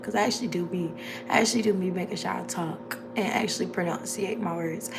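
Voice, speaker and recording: A woman's voice: medium pitch, a little fast, vocal fry, pushed and bright, soft background music. A young woman with a Southern US accent, chatting casually as she reads a text aloud, giggling often and tripping over her words. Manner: giggly, stumbles over words while reading. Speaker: vlogger. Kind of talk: casual chat, reading aloud.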